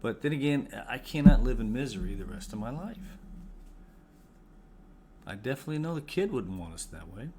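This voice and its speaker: A man's voice: mid-range voice, big pitch swings, a little fast, pauses often, background noise. A man in casual conversation, co-hosting, talking bluntly and arguing his point, swearing now and then. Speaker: co-host, bereaved father. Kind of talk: casual chat.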